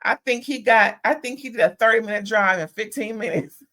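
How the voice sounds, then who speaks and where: A Californian woman with a slightly high, bright, forceful voice talks fairly fast. She's a reality TV reviewer casually recapping a reunion episode with sassy, opinionated commentary.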